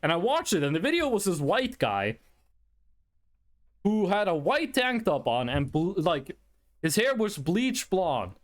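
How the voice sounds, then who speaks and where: Young male streamer, high voice, animated delivery, loose rambling storyteller at a desk mic. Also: measured pace. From Norway. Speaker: livestreamer. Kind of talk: casual chat with chat.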